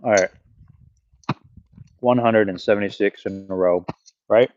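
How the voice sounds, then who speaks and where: In his backyard, a man live-streams himself throwing axes, counting each throw out loud, cursing, and chatting with viewers. His voice sits on the low side, slightly mellow and unhurried, with fairly even intonation. The recording is dry and muffled.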